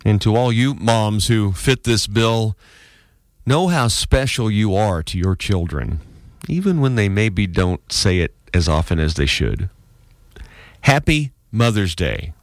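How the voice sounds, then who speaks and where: A man delivering a scripted, heartfelt radio tribute in a measured way. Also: on the low side, lively intonation, dry recording. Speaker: radio commentator.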